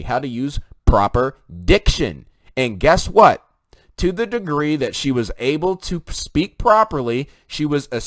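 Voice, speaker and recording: A man's voice: a little high, no room sound. A man talking straight to viewers in an emphatic, preaching opinion monologue. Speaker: commentary video host.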